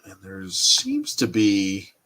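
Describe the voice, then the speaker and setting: A man in his thirties hosts a casual livestream. He rambles and thinks aloud as he answers his chat, and his pitch swings up and down freely. His voice has a bright, forward edge. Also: huge pitch swings, slow. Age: 30s. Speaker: toy collecting livestream host.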